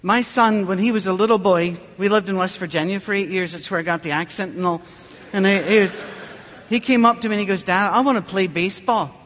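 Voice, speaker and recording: A man delivers a sermon full of wry anecdotes, mocking himself with a dry wit. His voice sits high for a man, and it rings out with a long reverb, as if through a large church hall. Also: a little fast, a bit bright. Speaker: preacher. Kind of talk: humorous sermon with storytelling.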